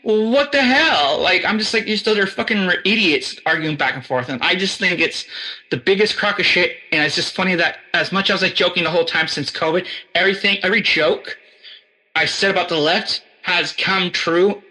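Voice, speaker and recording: A man's voice: high-pitched, fairly quick, bright, forceful tone, poor audio. An American man in casual chat, rambling and profane, with frequent restarts and fillers. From United States.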